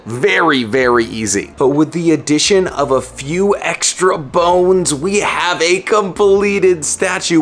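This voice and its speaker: Excited man narrating a statue build. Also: mid-range voice, a little hiss or hum. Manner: enthusiastic and detail-focused, conversational. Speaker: host of a collectibles channel. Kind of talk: casual voice-over narrating a statue assembly.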